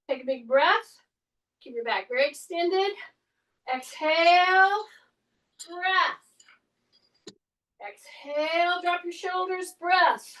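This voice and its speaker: Woman fitness coach, high and slow, calls breaths and cues, a bit distant from the mic. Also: a bit bright. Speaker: fitness instructor. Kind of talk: workout instruction.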